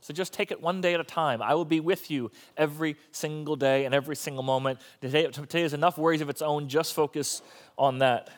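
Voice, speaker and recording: A man's voice: a little high, steady tone, a little fast. A male pastor preaching a sermon in a conversational style with joking asides.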